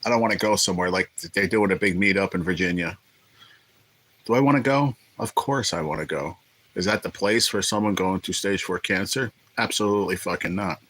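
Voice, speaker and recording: A man's voice: deep voice, brisk, a bit bright, rough recording. A man hosting a casual livestream, joking and rambling with viewers and swearing freely. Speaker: livestream host.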